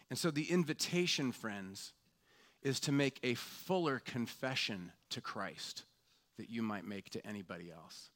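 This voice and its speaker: A man preaching a sermon as pastor, slow and reflective, often dropping to a hushed tone on questions. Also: medium pitch, expressive.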